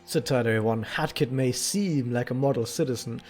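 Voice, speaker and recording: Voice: mid-range voice, moderate pace, darkish tone, soft background music, pitched below the performer's own voice, close to an everyday voice. A streamer voicing a flippant, laid-back police chief in a fan-made game, with an offhand drawl.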